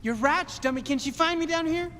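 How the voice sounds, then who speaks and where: An actor voicing an eager, scheming young man on a heist, talking in an excitable, pushy way. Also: very high voice, fairly quick. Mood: impatient. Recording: game audio with reverb and faint noise.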